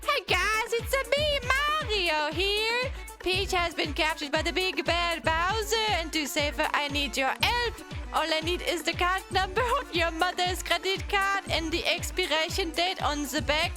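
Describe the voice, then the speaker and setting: A woman's voice: extremely high pitch, music in the background, voice pushed up. Mario, as a woman puts him on. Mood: goofy. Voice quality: exaggerated slow sing-song fake accent. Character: Mario, cheerful plumber hero, man, put-on accent.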